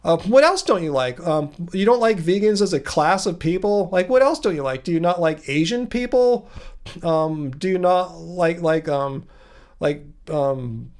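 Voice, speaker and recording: A man with a high voice chats his way through a livestream, reading out viewer comments and answering them as they come. His talk rambles and doubles back, full of fillers and restarts. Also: expressive, unhurried, a little mellow. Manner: chatty, reads viewer comments aloud and replies. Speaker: livestream host answering chat. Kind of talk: casual livestream chat.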